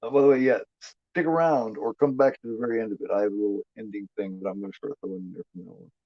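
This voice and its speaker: A man's voice: lowish voice, fairly even intonation, racing, dry recording. Profane, rambling man on a muffled mic. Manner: rambling, profane, laid-back. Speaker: movie commentary host. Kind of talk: casual watch-along commentary. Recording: dull lo-fi, dry.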